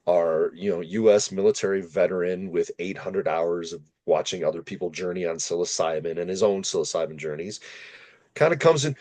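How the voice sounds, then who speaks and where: Low-voiced man telling a story. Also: fairly quick. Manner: animated, self-deprecating storyteller. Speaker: podcast host. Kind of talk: casual storytelling in conversation.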